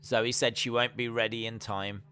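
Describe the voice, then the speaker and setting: Chatty man with a bright voice. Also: medium pitch, little pitch movement, normal speed, smooth. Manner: chatty, reads out viewer comments and jokes. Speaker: live stream host. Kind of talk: casual wrestling watch-along chat.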